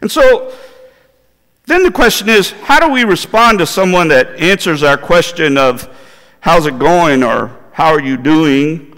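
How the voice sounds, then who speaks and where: A man's voice: a little high, expressive, a little slow, fairly bright tone. A male pastor preaching a sermon in a church, in a conversational manner that puts questions to the congregation. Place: church sanctuary. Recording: long hall reverb in a church.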